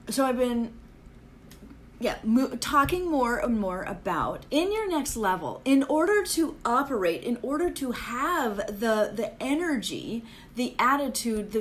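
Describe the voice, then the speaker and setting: A woman's voice: on the high side, a little hiss or hum. A woman hosting a casual live chat with viewers, rambling and self-deprecating, with a Valley-girl way of talking full of "like" fillers. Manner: self-deprecating, chatty and upbeat. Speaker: livestream host.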